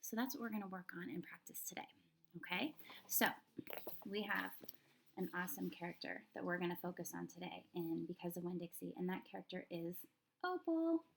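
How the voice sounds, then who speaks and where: A woman's voice: on the low side, animated, brisk, vocal fry, slight background noise. Teacher woman thinking aloud with children. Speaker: elementary school teacher. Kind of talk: read-aloud reading lesson. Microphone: recorded lesson video.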